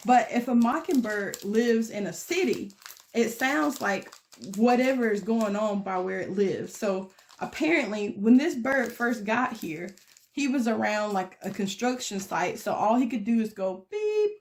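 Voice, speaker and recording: A young woman with a Southern US accent, chatting animatedly through a casual storytime while crafting and mimicking beeping sounds in squeaky bursts. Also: a little mellow. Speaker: craft vlogger.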